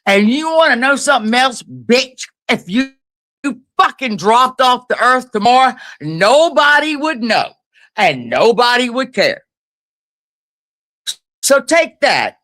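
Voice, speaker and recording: A woman's voice: a little high, very animated, slow pace, a bit bright. A woman ranting angrily on a livestream as a guest, profane, confrontational and taunting. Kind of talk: angry livestream rant.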